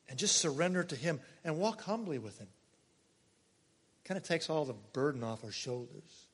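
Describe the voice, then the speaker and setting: Male pastor, fairly high voice, long church reverb, chatty sermon with big loud-soft swings. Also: animated, moderate pace, long pauses, slightly rough. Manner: conversational preaching with sudden swings between loud and soft.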